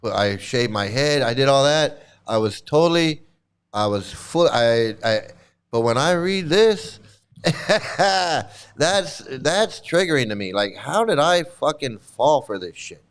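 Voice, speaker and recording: A man in his sixties speaks in a smooth, resonant voice at a middle pitch. He talks bluntly and profanely in a candid monologue, circling back to repeat his phrases for emphasis. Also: lively intonation, slow. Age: 60s. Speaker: vlogger, former cult member.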